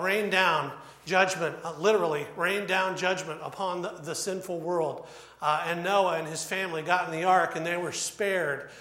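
Pastor, male, high-pitched, chatty preaching style, roomy church sound. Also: fairly bright tone. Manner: conversational, storytelling with frequent fillers. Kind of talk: sermon.

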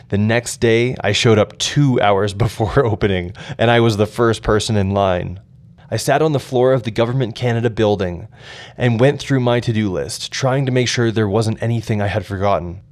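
A young adult man narrating his personal memoir in an earnest, reflective way. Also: lowish voice.

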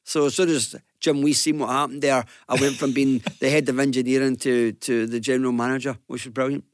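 Glaswegian businessman on a radio panel, chatty anecdotal delivery, average pitch, dry studio mic. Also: a little fast, no room sound. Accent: Glaswegian Scottish. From Glasgow, Scotland. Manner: lively storyteller, acts out quotes, chuckles.

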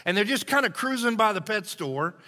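Folksy, bright-voiced man preaching. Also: sits high, animated, brisk. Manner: folksy, conversational, storytelling. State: hoarse. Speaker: lead pastor. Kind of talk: sermon. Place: church sanctuary. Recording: long reverb of a church hall.

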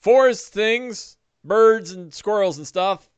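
A man's voice: high-pitched, slow pace, clear, resonant tone, lo-fi sound, voice pushed up. Man doing a jittery, rambling companion guy. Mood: flustered. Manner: nervous, rambling chatter with a raised voice. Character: jittery talkative adult man, eager and evasive.

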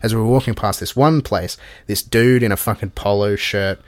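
A man's voice: on the low side, normal speed, no room sound. An Australian man co-hosting a podcast, telling stories in casual chat and swearing a lot. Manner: swears a lot, animated storytelling. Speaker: podcast co-host.

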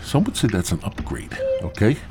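Low, lively man telling crude stories. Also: moderate pace, noisy background. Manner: profane, rambling, stoned drawl. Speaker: podcast host. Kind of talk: crude comic storytelling.

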